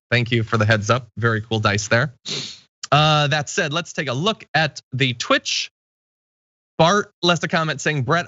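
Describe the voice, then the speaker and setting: Bright-voiced male talk show host. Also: medium pitch, dry recording, dull audio. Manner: relaxed, laughs easily, reads viewer comments. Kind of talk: casual news talk show chat.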